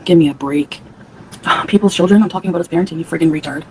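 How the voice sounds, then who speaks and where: A woman's voice: lowish voice, fast talker, slight background noise, poor audio. A woman from Canada ranting angrily on a livestream, profane and heated, answering her chat. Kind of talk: angry livestream rant.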